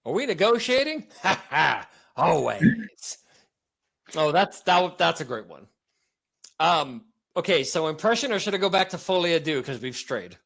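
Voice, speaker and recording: A hoarse man co-hosting a podcast, chatting casually and joking around. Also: a little high, normal speed. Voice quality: animated, joking. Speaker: podcast co-host. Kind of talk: casual chat.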